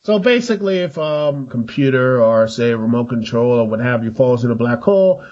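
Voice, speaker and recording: A man's voice: medium pitch, very animated, a little fast, a little mellow. A man co-hosting a casual podcast, making wry, jokey asides. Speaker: podcast co-host. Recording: dull, lo-fi mic.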